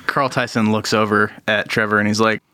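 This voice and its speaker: A man's voice: on the low side, flat delivery, brisk, sharp tone, slight background noise. A man narrating as game master of a tabletop role-playing game, often laughing as he goes.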